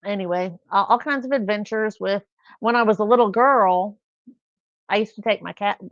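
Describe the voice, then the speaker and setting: At a moderate pace and medium pitch, a middle-aged woman from California chats on her livestream, telling stories and voicing the people in them. The sound is dull and lo-fi, with no room sound.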